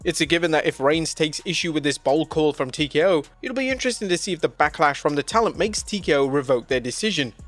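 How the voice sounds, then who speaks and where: Man narrating wrestling news, higher voice. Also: quick pace, few pauses, no room sound. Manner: steady, even read with a reporting tone.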